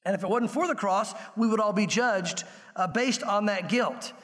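High-voiced preaching man in a reverberant hall. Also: normal speed. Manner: animated preaching, acts out little scenes. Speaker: pastor. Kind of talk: sermon.

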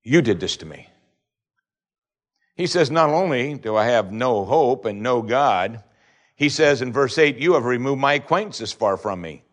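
A man preaching a sermon, reading scripture and shifting between loud pleading questions and low, hushed lines. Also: lively intonation, moderate pace.

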